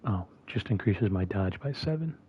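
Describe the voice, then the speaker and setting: A man's voice: fairly low pitch, expressive, moderate pace, breathy edge, dull audio. A man casually thinking aloud as he plays a game, talking with a mint in his mouth. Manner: mumbly and musing, thinking aloud. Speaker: gameplay streamer. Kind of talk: casual gameplay commentary.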